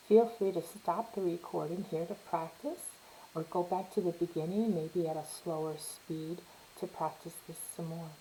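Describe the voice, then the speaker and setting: A woman's voice: on the low side, fairly even intonation, normal speed, low-quality recording. A woman teaching a step-by-step piano lesson, patiently explaining and counting beats aloud while she plays. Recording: soft piano playing behind her.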